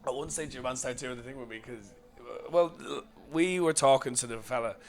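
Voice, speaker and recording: A man's voice: mid-range voice, a little fast. A young Irish man telling a story on a podcast, laughing often and swearing freely. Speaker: podcast co-host. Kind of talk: casual chat.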